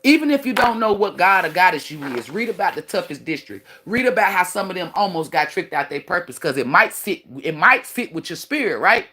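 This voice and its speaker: A woman's voice: lowish voice, expressive, fairly quick, hardly any pauses, sharp tone, slightly rough. A woman streaming live as a self-styled spiritual teacher, lecturing bluntly with heavy swearing and bragging about her own gifts. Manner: blunt, profane and boastful; preachy, lecturing tone. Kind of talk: livestream rant.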